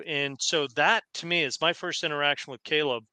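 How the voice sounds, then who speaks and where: Bright, smooth-voiced male host. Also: a little high, steady tone, brisk, no room sound. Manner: earnest, searching for words, many fillers. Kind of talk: casual interview.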